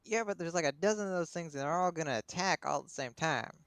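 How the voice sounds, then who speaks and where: A male player lays out his moves calmly in a tabletop game. His voice is smooth and resonant, recorded dry and close. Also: on the high side, fast, no room sound. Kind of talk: casual gaming chat.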